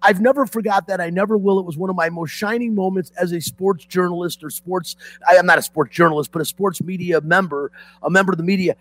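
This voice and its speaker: Man, middle-aged, sports talk host, from Detroit, excitable, emotional, higher voice. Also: fast. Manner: excitable, emotional, swings loud and soft.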